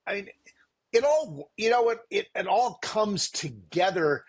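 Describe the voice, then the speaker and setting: A man co-hosting a podcast, speaking in a measured, thoughtful way with hesitant restarts. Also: high voice, expressive. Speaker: podcast co-host. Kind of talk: casual recap chat.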